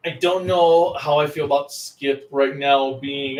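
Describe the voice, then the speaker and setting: A man's voice: mid-range voice, flat delivery, takes it slowly. Hesitant man in an echoey room. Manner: lukewarm, hesitant, many fillers. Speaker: co-host. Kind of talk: casual reaction chat. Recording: echoey room, far from mic.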